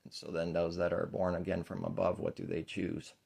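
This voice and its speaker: Low gravelly male preacher. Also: little pitch movement, a little fast. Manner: rambling, earnest, trailing off quietly. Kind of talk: informal sermon.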